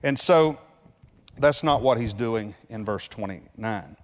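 A man's voice: lowish voice, takes it slowly. Guy preaching in church, keeps asking the crowd questions, stumbles and restarts a lot, big hall echo. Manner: emphatic, rhetorical questions, frequent restarts. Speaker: pastor. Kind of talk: sermon. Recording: reverberant hall.

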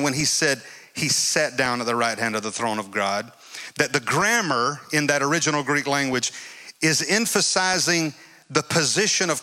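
A man's voice: a little high, bright, forceful tone. A male preacher giving an emphatic sermon and repeating his phrases. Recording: long hall reverb.

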